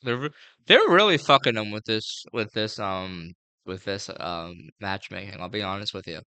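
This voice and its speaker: A man's voice: fairly low pitch, expressive, moderate pace, pushed and bright, smooth, no room sound. A man giving a casual, rambling fight breakdown, full of fillers and slang. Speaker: MMA fight previewer.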